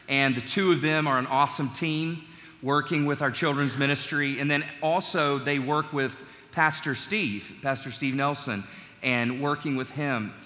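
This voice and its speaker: A middle-aged pastor with a fairly high, sharp-toned voice preaches a sermon in a large church, chatting and joking with his congregation. The recording carries the long reverb of a church hall.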